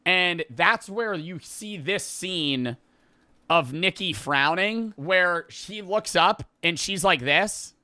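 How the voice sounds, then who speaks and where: Bright, crisp-voiced man rambling a story. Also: sits high, dry recording. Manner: rambling, profane, animated retelling with quick asides. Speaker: vlogger retelling a movie plot. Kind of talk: casual storytelling.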